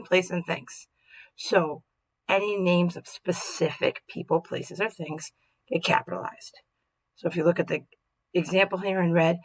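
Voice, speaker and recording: A woman's voice: fairly low pitch, gravelly, slightly rough, poor audio. A woman teacher giving a recorded grammar lesson, upbeat and checking in with "right?" as she goes. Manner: upbeat, tags statements with "right?"; acts out example sentences expressively.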